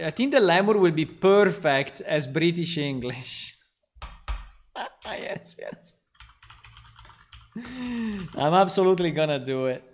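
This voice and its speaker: A game developer livestreams while he works, talking casually and slowly in a slightly high voice. He rambles and thinks out loud, full of ums and restarts.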